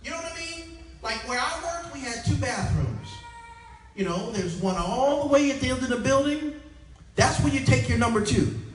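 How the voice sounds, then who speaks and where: A middle-aged comedian with a very high, animated voice speaks at a normal speed during his clean conference set. He jokes with the crowd and acts out voices, heard from afar in an echoey hall alongside the live audience.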